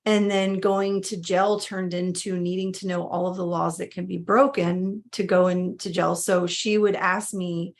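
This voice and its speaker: A woman's voice: fairly low pitch, level tone, unhurried, few pauses. A woman in her thirties, a mother telling her family's story in a casual, conversational way, with frequent fillers and restarts.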